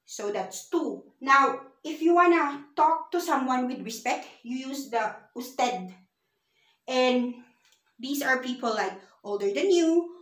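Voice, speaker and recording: A woman teaching a beginners' language lesson on her own channel, explaining slowly with many fillers. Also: a little high, fairly bright tone. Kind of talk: casual online lesson. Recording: echoey room.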